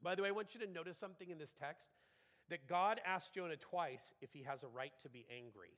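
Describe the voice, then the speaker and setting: A man preaching in an animated, conversational manner, with a fairly high voice. He acts out the quotes within his sermon, and the long reverb of a church hall trails behind every phrase. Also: fairly quick.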